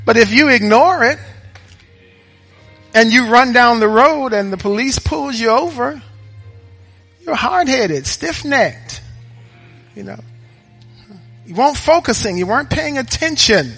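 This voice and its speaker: High-voiced, bright male preacher. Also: lively intonation, unhurried, gravelly, pauses often, breathy edge, faint music behind. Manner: emphatic, repetitive preaching cadence; rhetorical questions to the congregation. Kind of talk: sermon. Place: church.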